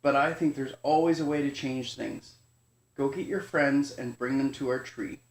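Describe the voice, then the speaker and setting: A man reading as a gentle mother raccoon. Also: medium pitch, normal speed, natural voice. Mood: soothing. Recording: echoey room.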